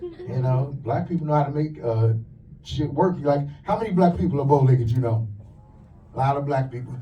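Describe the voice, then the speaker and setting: A man doing a stand-up comedy set in a club, telling crude, punchy stories with quick asides. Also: mid-range voice, animated, far from the mic, dull audio. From lives in the USA.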